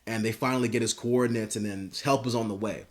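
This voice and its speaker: A man's voice: lowish voice, steady tone, quick pace. Brief: young guy, laid-back profane fan commentary, rambling. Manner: rambling, filler-heavy, profane. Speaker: YouTube commentator. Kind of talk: casual comedic commentary.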